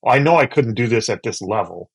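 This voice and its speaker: A man co-hosting a podcast, talking in a relaxed, joking and earnest way. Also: mid-range voice, brisk, slightly rough. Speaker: podcast co-host. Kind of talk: casual chat.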